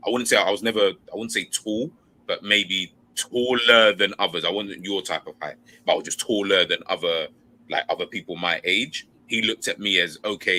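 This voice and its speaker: Young host, very deep voice with a sharp bright edge, hesitant, restarts a lot. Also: male voice. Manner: hesitant, restarts often, thinks aloud. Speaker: podcast host. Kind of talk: casual chat.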